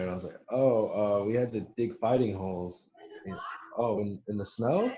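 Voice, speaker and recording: A man's voice: lowish voice, moderate pace. Laid-back young man, roomy lo-fi podcast. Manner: profane, laughing, quotes others in animated bursts. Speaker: podcast co-host telling a story. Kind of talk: casual storytelling chat.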